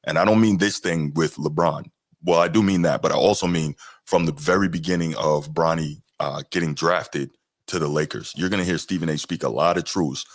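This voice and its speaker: Very deep-voiced man, chatty. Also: brisk, no echo, studio quality. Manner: relaxed, chatty, with fillers and asides. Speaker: podcast host reacting to clips. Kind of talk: casual commentary.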